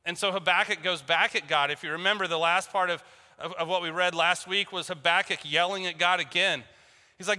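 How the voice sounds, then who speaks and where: A man's voice: sits high, fairly even intonation, brisk, pushed and bright. A man preaching a sermon, telling a story and acting out both sides of a phone call with jokes. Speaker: pastor. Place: church hall. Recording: long hall reverb.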